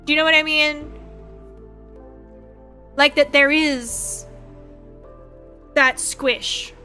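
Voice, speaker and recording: A young adult woman streamer chatting casually, rambling and swearing freely with frank, animated asides. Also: sits high, extremely slow, soft background music. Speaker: VTuber streamer.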